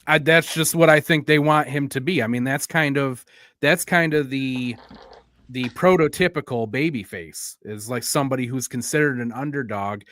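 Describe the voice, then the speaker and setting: Measured, explaining man, dry sound. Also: medium pitch, a bit bright, dry recording. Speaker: podcast co-host. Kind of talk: casual wrestling analysis.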